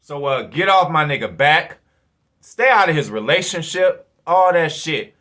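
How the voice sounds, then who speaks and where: A man hosting his own fan channel, giving casual football commentary in a profane, rambling, animated way. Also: fairly high pitch, unhurried. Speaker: sports fan channel host.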